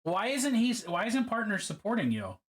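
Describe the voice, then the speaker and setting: A man's voice: high-pitched, huge pitch swings, moderate pace. A man chatting casually on a livestream while painting miniatures, swearing freely and reacting to viewer comments.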